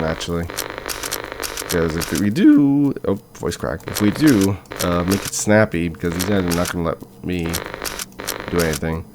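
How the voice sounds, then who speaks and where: A young man talking through a horror game as he plays, thinking aloud and reacting with quick exclamations. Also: low voice, background noise. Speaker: gaming channel host. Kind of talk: let's play commentary.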